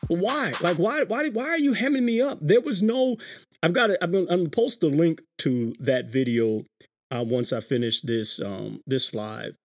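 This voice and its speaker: A man with a fairly high speaking voice hosts his own podcast in a loose live-stream monologue. He tells his story with animated swings in pitch and keeps doubling back on his sentences. Faint music plays underneath. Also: moderate pace, no room sound, studio quality. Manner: animated storytelling with frequent restarts. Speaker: podcast host.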